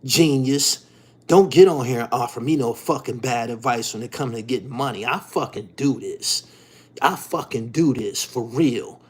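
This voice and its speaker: A man's voice: medium pitch, moderate pace, breathy edge. A man hosting his own show, delivering a profane, heated monologue that keeps circling back to the same question. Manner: profane, repetitive, heated, keeps asking "you dig". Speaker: podcast host. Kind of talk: ranting monologue.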